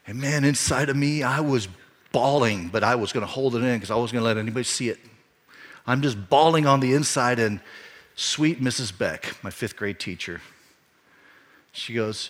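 A man's voice: medium pitch, moderate pace, a bit bright. A middle-aged man, a pastor, telling a personal story in a sermon, earnest and rising to emphatic peaks. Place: church.

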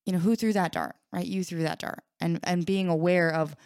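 A woman co-hosts a casual recovery workshop, leading with explanations and small acted-out scenarios. Her voice sits low and smooth, and the recording is dry and close with no room sound. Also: fairly even intonation, brisk, a little mellow, no echo. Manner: explains with frequent "right?" tags and examples; acts out an anxious inner voice in examples. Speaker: podcast co-host.

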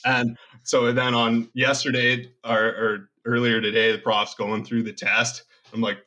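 A man's voice: mid-range voice, level tone, measured pace, hardly any pauses, bright, forceful tone. A young man in his twenties on a casual podcast chat, telling rambling, profane stories. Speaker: podcast co-host.

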